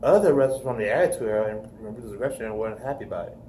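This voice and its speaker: A man's voice: medium pitch, racing, dark tone, a little hiss or hum, low-quality recording. A man co-hosting a podcast, chatting casually in a laid-back way and chiming in with short replies. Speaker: podcast co-host. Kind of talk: casual wrestling review chat.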